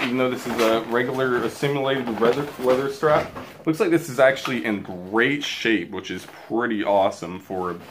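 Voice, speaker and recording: A man talking excitedly and rambling to his viewers while unboxing in a casual vlog. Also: medium pitch, noisy background. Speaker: wrestling belt collector vlogger.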